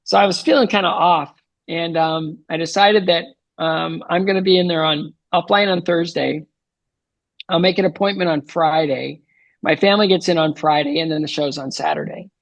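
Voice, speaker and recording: Earnest man telling his story, gravelly. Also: on the high side, normal speed, no echo. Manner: earnest, animated retelling with frequent fillers. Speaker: podcast guest. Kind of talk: storytelling interview answer.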